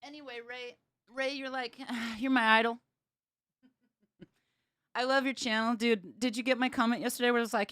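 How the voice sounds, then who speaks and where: A woman bass player chats to her livestream viewers in a bubbly, giggly way. Her voice sits a little high, and the sound is dry, with no room echo. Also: moderate pace, long pauses, fairly bright tone. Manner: chatty and bubbly, laughs often. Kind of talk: casual livestream chat. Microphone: streaming setup with cameras.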